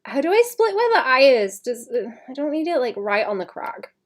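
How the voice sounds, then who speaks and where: A young woman chatting casually to her stream as she draws, muttering to herself and often clearing her throat. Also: sits high, very animated, normal speed. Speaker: artist livestreaming. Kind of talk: casual streaming chat while drawing.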